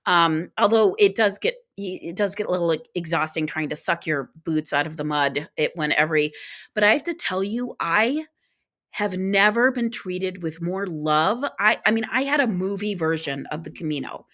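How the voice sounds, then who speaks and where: A woman guest on a podcast, telling a travel story in casual conversation, talking in quick bursts with restarts. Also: lowish voice. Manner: animated, acts out quoted dialogue.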